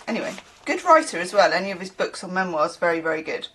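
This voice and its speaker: A woman's voice: lowish voice, big pitch swings, quick pace, a bit bright, a little hiss or hum. A woman from the UK, a tarot reader who chats in a rambling way, with laughing asides. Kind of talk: casual chatty reading.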